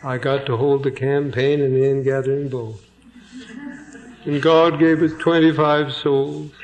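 A man's voice: mid-range voice, little pitch movement, a little mellow, muffled recording. A man preaching an evening sermon, reading a passage aloud, then repeating key phrases and putting questions to his listeners. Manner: slow and deliberate, repeats phrases for emphasis. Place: evening church meeting.

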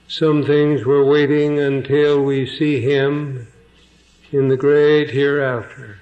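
Slow, deliberate male preacher. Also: mid-range voice, darkish tone, dull audio. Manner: slow and deliberate, repeats phrases for emphasis; reads a passage aloud, then preaches and questions the listeners. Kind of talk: sermon. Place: evening church meeting.

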